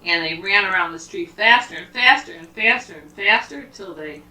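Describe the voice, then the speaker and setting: A woman telling a children's story aloud to a child at home, animated and asking questions along the way. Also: mid-range voice, moderate pace. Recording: roomy, from a distance.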